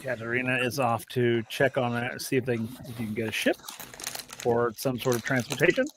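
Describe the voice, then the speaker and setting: A man running a tabletop game as game master, chatty and loose, laughing often and filling pauses. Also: mid-range voice, a little hiss or hum. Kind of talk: narrating a tabletop game over a live stream.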